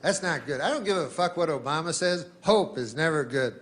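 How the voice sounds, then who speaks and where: Man telling a rambling deadpan joke. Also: a little high, a little fast. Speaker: stand-up comedian. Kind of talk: stand-up comedy routine. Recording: archive clip with loud crowd laughter. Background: audience laughter.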